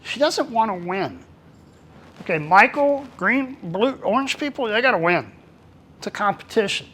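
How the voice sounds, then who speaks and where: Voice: medium pitch, lively intonation, moderate pace, fairly bright tone, breathy edge. A workplace trainer giving a casual, talkative presentation to a small group. The delivery is colloquial, and the trainer acts out bits of dialogue.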